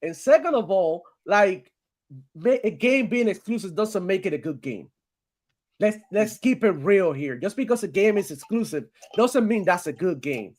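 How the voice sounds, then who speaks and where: A man hosting a live gaming stream, talking in a casual, animated way, laughing often, swearing and calling people bro. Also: high voice, moderate pace.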